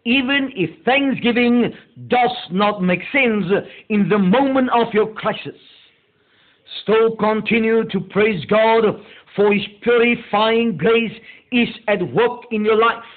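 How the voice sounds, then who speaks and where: A male pastor delivering a meditative sermon, slow and deliberate, leaning hard on key words. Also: high-pitched. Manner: slow, deliberate preaching with drawn-out emphasis. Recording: tinny phone-like audio.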